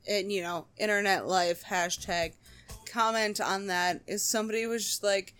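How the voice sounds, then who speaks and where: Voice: mid-range voice, steady tone, normal speed, fairly bright tone, clean tone, no room sound, faint music behind. A podcast co-host speaking bluntly and profanely in casual chat.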